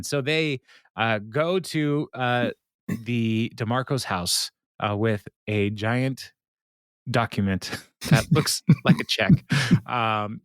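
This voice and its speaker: A man's voice: mid-range voice, fairly bright tone, no echo, studio quality. A man co-hosting a podcast, casually recapping a sitcom episode with lots of fillers and laughter. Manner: rambling with many fillers, laughs often. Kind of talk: casual chat.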